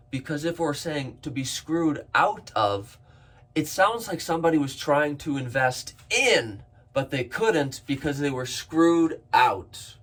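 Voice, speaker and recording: A man teaching English phrasal verbs, repeating each example slowly and clearly for learners. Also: mid-range voice. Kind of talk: slow, deliberate lesson delivery.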